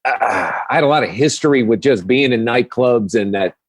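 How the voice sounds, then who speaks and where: A man who is a guest comedian, talking in a relaxed, easygoing way on a podcast and laughing easily. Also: medium pitch, moderate pace, no echo. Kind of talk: casual chat.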